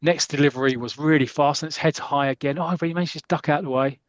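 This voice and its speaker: A man's voice: a little high, steady tone, quick pace, dry recording, lo-fi sound. A man casually retelling a comic story, laughing often and acting out quotes. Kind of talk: casual chat, retelling with put-on voices.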